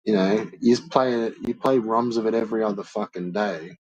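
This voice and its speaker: Husky man ranting with heavy swearing. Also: fairly low pitch, fairly even intonation, moderate pace, a little mellow, dry recording, muffled recording. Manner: profane, blunt, swears constantly. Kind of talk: casual rant to chat.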